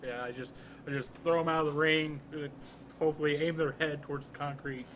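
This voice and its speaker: A man's voice: fairly high pitch, steady tone, brisk, fairly bright tone, slight background noise, poor audio. A man co-hosting a podcast in casual chat, retelling scenes with laughter. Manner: laughing storyteller, acts out scenes. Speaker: podcast co-host.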